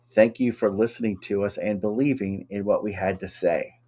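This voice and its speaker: A man's voice: on the low side, steady tone, moderate pace, mellow. A man co-hosting a casual chat show, upbeat and chatty, reading out viewer comments. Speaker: co-host.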